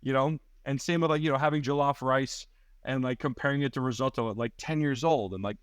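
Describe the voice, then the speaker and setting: A man talks like a comedian among friends, swearing freely and padding his sentences with "like." His voice sits at an everyday middle pitch. The sound is dry and close to the mic. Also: a little fast, clean tone, no room sound. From Richmond Hill, Ontario, Canada. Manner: loose and profane, heavy on "like" fillers. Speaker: comedian guest. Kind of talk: casual podcast storytelling.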